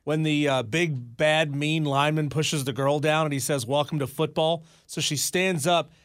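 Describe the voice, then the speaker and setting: A man's voice: fairly high pitch, moderate pace, fairly bright tone, no room sound, clean studio sound. A man co-hosting a sports talk show, dropping wisecracks and joking comparisons.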